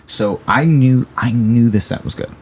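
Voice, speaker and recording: A young man from Virginia, a comedian guest telling a story in a casual interview, animated and acting out the people he quotes. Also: mid-range voice, normal speed, a little hiss or hum.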